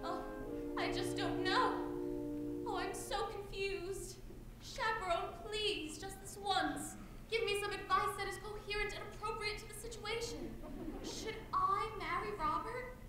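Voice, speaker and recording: A woman acts out a flustered young bride in a dramatic dither, breathless and theatrical. Her voice rings very high from the far end of an echoing auditorium, with music playing beneath it. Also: a little slow. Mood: confused. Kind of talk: live stage musical acting. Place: school auditorium stage. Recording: echoey hall from far off.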